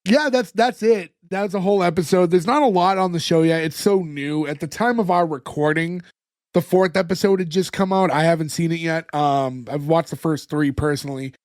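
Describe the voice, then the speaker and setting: Give me a high-pitched man laughing his way through a casual podcast recap, dry sound. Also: moderate pace, a little mellow, dry recording. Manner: recaps scenes, laughs a lot. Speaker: podcast co-host. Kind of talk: casual chat.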